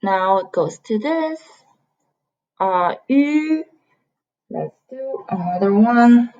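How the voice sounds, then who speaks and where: Woman, language teacher, unhurried delivery, repeats sounds patiently, slightly muffled lo-fi recording. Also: mid-range voice, lively intonation, darkish tone. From China. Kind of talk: beginner pronunciation lesson.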